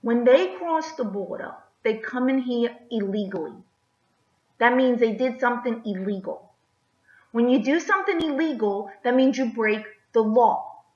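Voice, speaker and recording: Animated but unhurried, with a voice on the high side, a woman vlogger airs political opinions in a forceful rant, throwing out rhetorical questions and ending lines with "okay?". The sound is echoey and slightly muffled.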